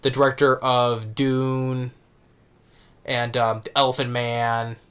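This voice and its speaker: Halting man rambling about movies. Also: medium pitch, level tone, fairly bright tone, smooth. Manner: halting, many restarts and fillers. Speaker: movie reviewer. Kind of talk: casual vlog talk.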